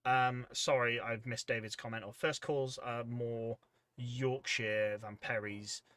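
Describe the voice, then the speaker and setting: A man's voice: medium pitch, fairly even intonation, slow, fairly bright tone, no echo. A man hosting a casual livestream, rambling in an easygoing way as he reads out chat messages. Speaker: livestream host.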